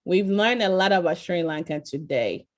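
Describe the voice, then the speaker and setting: Leading a virtual tour as an interactive online class on a video call, a woman speaks at a moderate pace in an animated, lowish voice. She stays encouraging and repeatedly quizzes her audience, asking "okay?" and "right?"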